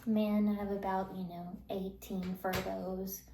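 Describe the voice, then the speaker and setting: Woman vlogger, slow rambling chat, gravelly, drops into whispers, echoey room. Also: mid-range voice, level tone, noisy background. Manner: rambling, many fillers, drifts into soft whispers. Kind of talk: casual monologue. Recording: echoey recording.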